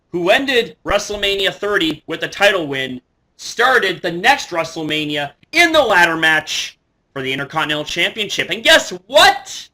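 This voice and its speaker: A young man talking excitedly to camera as a wrestling fan, swearing freely and shouting in his most excited moments. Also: high voice. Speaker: wrestling vlogger.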